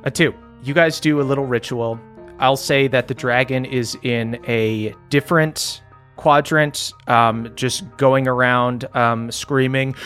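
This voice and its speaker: A man guides the players as game master, describing the scene in a relaxed, halting way full of ums and uhs. He speaks at an ordinary pitch, and faint music sits behind his voice. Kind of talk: narrating a tabletop game.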